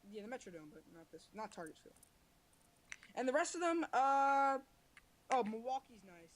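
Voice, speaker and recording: A man's voice: very high-pitched, very animated, moderate pace, low-quality recording. A man co-hosting a casual podcast, rambling loosely and breaking into heated, swearing rants. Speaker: podcast co-host. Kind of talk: casual chat.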